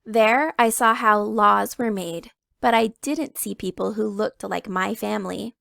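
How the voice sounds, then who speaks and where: A woman reads a children's picture book aloud in the first person, leaning into key words with clear emphasis. Her voice carries a gravelly, fry-edged texture at a middling pitch, and the sound is close and dry with no room around it. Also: steady tone, unhurried, a bit bright, dry recording. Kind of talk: read-aloud storytelling.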